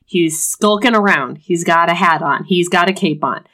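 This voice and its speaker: A woman's voice: on the low side, moderate pace, fairly bright tone. A woman co-hosting a podcast, casually retelling a book's plot in a jokey way. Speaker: podcast co-host. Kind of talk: casual book discussion.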